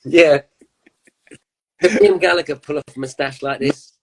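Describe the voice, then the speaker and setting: A man's voice: on the high side, moderate pace, rough recording. A man in his fifties, a musician guest telling rambling anecdotes in casual chat, with laughs.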